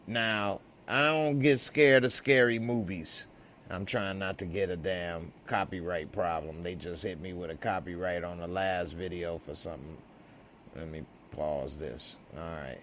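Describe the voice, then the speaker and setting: Slow-drawling male podcast host. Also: fairly low pitch. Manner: slow drawl, animated asides. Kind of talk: casual chat.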